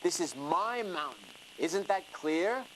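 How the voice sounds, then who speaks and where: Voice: mid-range voice, big pitch swings, slow, a little hiss or hum, poor audio. Narrator doing a huge, furious lion. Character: huge, mean, angry male lion. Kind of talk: rhyming storybook reading. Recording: music playing under the reading.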